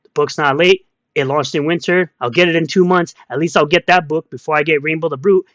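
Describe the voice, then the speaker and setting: A man's voice: on the high side, fairly even intonation, fairly quick, fairly bright tone, no echo, highs cut off. A man giving ranting online commentary in a combative, mocking way, repeating insults as he reads out comments.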